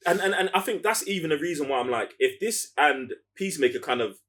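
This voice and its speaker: A man's voice: a little high, expressive, quick pace, a bit bright. A man, co-hosting a casual podcast chat and repeating words for emphasis. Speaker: podcast co-host.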